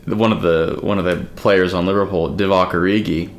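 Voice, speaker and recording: A man's voice: sits low, steady tone, moderate pace, a little hiss or hum. A man co-hosting a podcast from the United States, telling stories in a rambling, filler-heavy casual chat. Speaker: podcast co-host.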